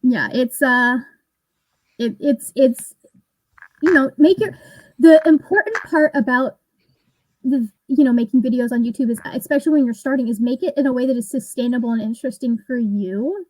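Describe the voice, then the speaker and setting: A woman's voice: sits high, normal speed, a little mellow, low-quality recording. A woman in her thirties hosting a casual online reading session, rambling and laughing often as she chats. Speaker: booktube host. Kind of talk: casual livestream chat.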